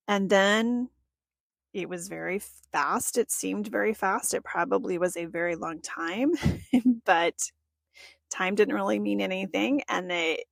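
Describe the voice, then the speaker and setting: A woman recounts a personal experience as a podcast host, chatty and quick to laugh. Her voice has a gravelly fry to it. The sound is dry, with no room echo. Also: medium pitch. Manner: chatty, often laughs and acts out quotes. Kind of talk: personal storytelling monologue.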